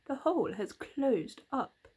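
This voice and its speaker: A woman voicing a cheerful, lonely male snowman in a storybook reading, with a soft, snowy sort of voice and an eager, chatty manner. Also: sits high, expressive, slow pace, breathy edge, heavily acted. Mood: calm.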